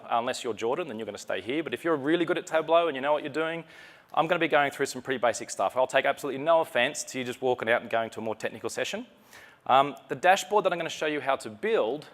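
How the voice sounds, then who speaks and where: A man from Australia with an Australian accent, giving a chatty, joking, self-deprecating live conference talk on stage. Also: mid-range voice. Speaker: conference presenter. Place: conference session room.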